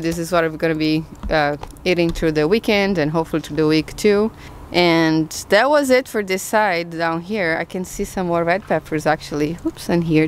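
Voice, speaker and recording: A woman giving a casual tour of her backyard garden, chatting with viewers and thinking out loud as she goes. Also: lowish voice, a little hiss or hum. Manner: chatty, thinks aloud with restarts, addresses viewers. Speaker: gardening vlogger.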